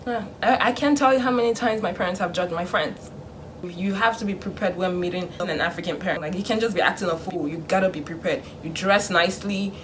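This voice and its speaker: Young woman vlogging, lively, acts out her parents all hushed, faint hiss behind. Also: fairly low pitch, a little fast. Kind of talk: casual chat to camera.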